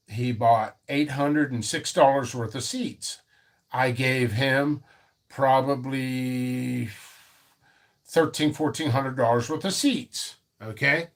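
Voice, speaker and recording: A man with a slightly rough, somewhat high voice hosts a casual live stream about his seed business. He rambles animatedly, restarting often and wandering into asides.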